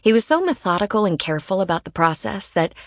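A woman reading a first-person audiobook in a measured, even storytelling manner, on a close studio mic. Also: medium pitch, no echo. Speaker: audiobook narrator.

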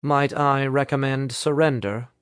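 Un hombre que hace de un joven rival tranquilo y seguro de sí, de habla seca y pausada. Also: male voice, mid-range voice, steady tone, clean tone, dry recording, clean studio sound, natural voice. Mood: cool. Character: calm, confident young male student opponent.

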